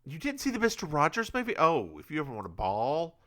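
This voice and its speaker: A man's voice: fairly high pitch, huge pitch swings, fast, pushed and bright. A man co-hosting a podcast, recapping a TV episode in casual, rambling, stop-start chat. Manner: says he is bad at accents. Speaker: podcast co-host.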